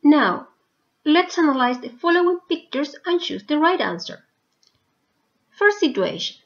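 A woman teaching a recorded English lesson to young students, speaking slowly with carefully spaced words. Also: sits high, big pitch swings. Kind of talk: slow recorded video lesson. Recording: dull lo-fi recording.

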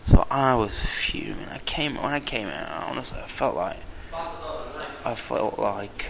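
Gravelly Englishman ranting to camera. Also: mid-range voice, lively intonation, unhurried. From England. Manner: angry ranting, swearing under breath. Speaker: vlogger. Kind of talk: video diary. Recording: noisy outdoor camera audio.

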